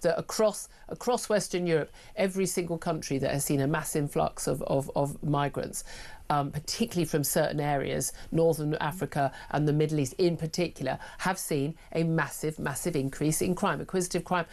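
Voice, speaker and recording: A woman hosting a talk radio show, arguing forcefully and indignantly and mocking opposing views. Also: deep voice, fairly even intonation, a little fast. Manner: forceful, indignant, mocking voices of others in anecdotes. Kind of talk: opinionated talk radio debate.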